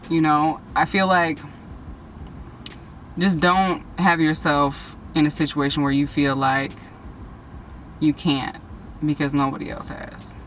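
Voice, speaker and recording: A young woman, an interview guest and nursing graduate, telling her story in an animated, emotional way with frequent restarts. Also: deep voice, unhurried, pauses often, far from the mic, slight background noise, low-quality recording.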